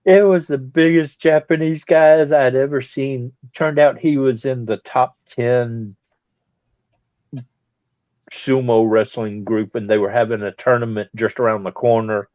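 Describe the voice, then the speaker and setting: A man's voice: mid-range voice, steady tone, a little slow, a little mellow, dry recording. Man, rambling chuckly storyteller, dry close sound, dull lo-fi stream audio. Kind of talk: casual storytelling chat.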